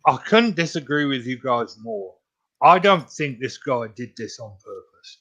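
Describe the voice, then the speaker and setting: A man's voice: medium pitch, expressive, measured pace, bright, forceful tone. A man co-hosting a podcast, arguing his point while bothered by hiccups. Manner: argumentative, pushing back. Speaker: podcast co-host. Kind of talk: casual chat.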